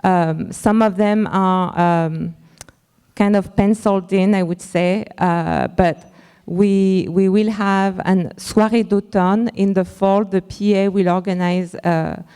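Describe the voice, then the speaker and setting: A woman, a school's director of advancement, presenting at a member forum and speaking haltingly with many fillers. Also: mid-range voice, fairly even intonation, mellow, clean tone, big-room sound. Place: large hall at a school forum.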